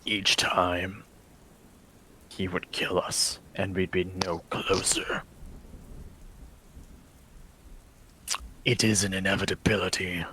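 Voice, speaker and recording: Revenant knight commander, grim and vengeful; a man voicing him in a deep, creaky, unhurried whisper. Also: flat delivery, pushed and bright, a little hiss or hum, low-quality recording. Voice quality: low gravelly whisper. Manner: slow, menacing and solemn.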